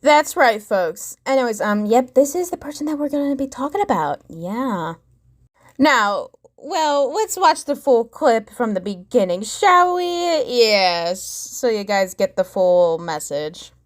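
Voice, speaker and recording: High, lively-voiced woman vlogger. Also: a little slow. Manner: chatty, sarcastic, full of fillers. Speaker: commentary vlogger. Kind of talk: reaction commentary.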